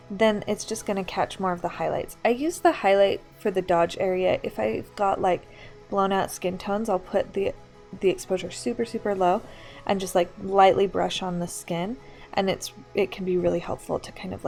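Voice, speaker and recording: Chatty young woman instructor, mid pitch, casual step-by-step walkthrough, faint music behind. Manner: chatty, filler-heavy, explains step by step. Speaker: photography instructor. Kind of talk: casual screen-share tutorial. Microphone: computer mic on a live online class.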